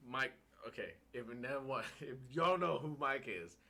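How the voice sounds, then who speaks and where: Lively, bright-voiced storytelling man. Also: medium pitch, normal speed, creaky. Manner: animated, laughs often, swears freely, acts out quotes. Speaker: podcast host telling a story. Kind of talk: casual storytelling chat.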